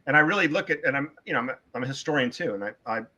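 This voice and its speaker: Middle-aged man, bright and forceful, emphatic opinionated podcast guest who hammers points by repeating words. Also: mid-range voice, lively intonation, rapid-fire, dull audio. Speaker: author being interviewed. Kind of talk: casual podcast interview talk.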